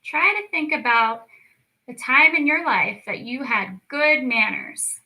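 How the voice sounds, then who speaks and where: A young woman teaching a children's lesson, slow and encouraging as she speaks to young kids. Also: high-pitched, expressive, bright, forceful tone, low-quality recording. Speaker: speech clinic storytime teacher.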